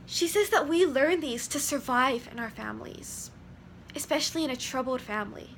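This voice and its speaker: Earnest high-voiced young woman. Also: animated, normal speed, creaky, slight background noise. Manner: earnest, explaining, with fillers. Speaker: vlogger. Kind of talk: casual explanatory talk.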